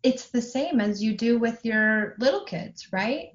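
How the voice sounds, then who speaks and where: A mother in her forties talking calmly and at length about parenting, acting out her own and her daughter's lines in quoted dialogue. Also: a little high, measured pace, lo-fi sound. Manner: calm, explanatory, acts out quoted dialogue. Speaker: parenting guest. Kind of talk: podcast conversation.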